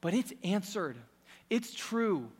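A man preaching a sermon with passion, swinging from loud emphasis to hushed intensity. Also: high-pitched, very animated, slow, husky, in a large hall.

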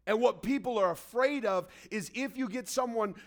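A man's voice: high voice, moderate pace. A man preaching a casual, story-driven sermon, acting out the people he quotes. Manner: storytelling, conversational, acts out quotes. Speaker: pastor. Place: church hall.

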